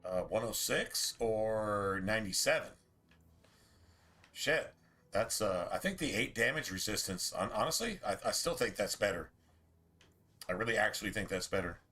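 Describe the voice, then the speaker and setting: Rambling bright-voiced male game streamer. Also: on the low side, expressive, normal speed, pauses often. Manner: rambling, talks in restarts and asides. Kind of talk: casual chat while streaming gameplay.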